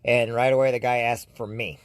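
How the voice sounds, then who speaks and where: A man's voice: medium pitch, little pitch movement, a little fast, no echo. A man from the United States, hosting his own channel, rambling through a casual monologue with frequent restarts and speaking straight to his viewers. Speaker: YouTube host.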